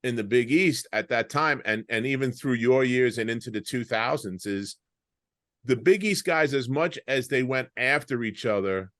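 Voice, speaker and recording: A man's voice: mid-range voice, animated, moderate pace, a bit bright, no room sound, clean studio sound. A man in his late fifties with a Long Island accent, hosting a casual podcast, rambling and dropping "you know" constantly over a video call. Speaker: podcast host, former player.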